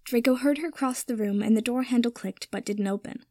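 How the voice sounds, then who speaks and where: A woman narrating a story in a measured, even reading style. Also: fairly high pitch, dry recording, clean studio sound.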